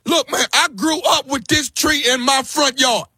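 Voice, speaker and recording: A man playing an aggrieved grown man on a prank phone call, shouting and sobbing over his mother's tree. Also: a little slow, dry recording, clean studio sound, full character voice. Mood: indignant. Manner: shouting, whiny, high-strung. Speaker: radio prank caller.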